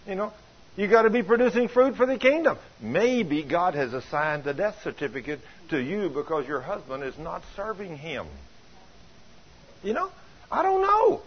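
A man preaching a sermon in a folksy, animated, conversational way, full of homespun stories. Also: a little high, moderate pace, slightly rough. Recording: dull lo-fi recording.

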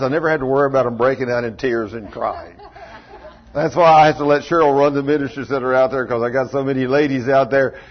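A man preaching a folksy sermon, chuckling often and calling on congregation members by name. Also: mid-range voice. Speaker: pastor. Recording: dull lo-fi church recording.

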